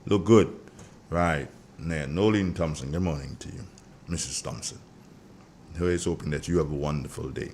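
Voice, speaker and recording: A middle-aged man with a Grenadian accent hosting a morning radio show, chatty and joking as he sends shout-outs to listeners. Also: very deep voice, moderate pace, long pauses, slight background noise. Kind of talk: casual morning radio chat.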